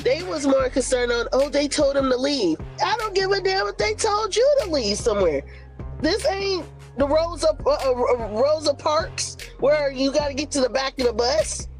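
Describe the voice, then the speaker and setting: A woman with a high voice co-hosts a casual livestream, pressing her point with passion and indignation. Faint music sits behind her. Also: animated, normal speed. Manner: passionate, indignant, talks it through. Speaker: livestream co-host.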